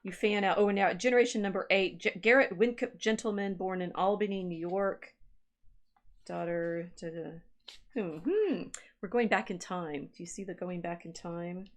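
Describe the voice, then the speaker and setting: A woman historian with a mid-range voice and moderate pace chats casually on a livestream. She reads family-tree records aloud, musing to herself and interrupting her own sentences to restart.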